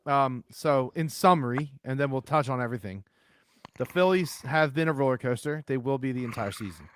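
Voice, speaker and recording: A man's voice: medium pitch, a little fast, fairly bright tone, clear, resonant tone, no echo. A man co-hosting a sports podcast, chatting casually, laughing and swearing freely. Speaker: podcast co-host.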